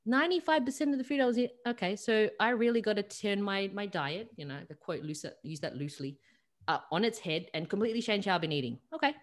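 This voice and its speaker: An Australian woman, a holistic coach, telling a personal story over a video call, lively and full of fillers. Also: medium pitch, quick pace. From South Australia. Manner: animated retelling with acted-out quotes and many fillers. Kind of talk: storytelling in an interview.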